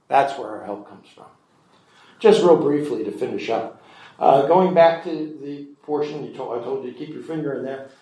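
A man's voice: mid-range voice, a little mellow. A man preaching a sermon, reading scripture verses aloud and then explaining them in a conversational way. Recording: echoey room.

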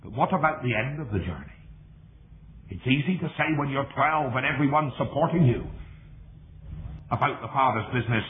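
A man preaching a sermon, swinging between high exclamations and hushed low tones. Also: animated, moderate pace, long pauses. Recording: tinny lo-fi recording in an echoey hall with faint hiss.

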